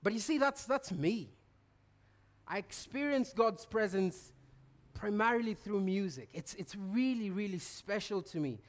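A man giving a sermon, telling stories with lively restarts and laughter. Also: high-pitched, measured pace. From Kenya. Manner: animated storytelling, stammered restarts, bursts of laughter. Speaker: preacher.

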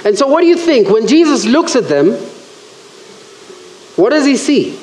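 A man preaching a sermon in church, animated and acting out the voices he quotes. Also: extremely high pitch, moderate pace, a little hiss or hum. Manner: animated, acts out quoted voices, self-correcting. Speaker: pastor. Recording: roomy church echo.

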